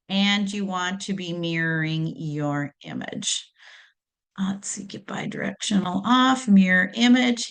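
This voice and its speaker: A woman's voice: medium pitch, fairly bright tone. A woman hosting a crafting tutorial who explains each step and setting methodically as she works.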